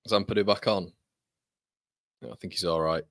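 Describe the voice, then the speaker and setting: A man's voice: deep voice, vocal fry, fairly bright tone. A man hosting a live football watchalong, reacting to play with heated, exasperated rants and frequent swearing. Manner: rapid reactions to the action. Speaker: football fan channel host. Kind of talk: live match watchalong commentary.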